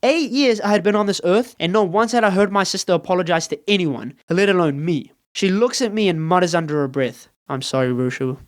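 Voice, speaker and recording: A man's voice: sits high, a little fast, hardly any pauses. A young man telling funny childhood stories in a playful, wry, self-mocking way. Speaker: storyteller. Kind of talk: comedic storytime narration.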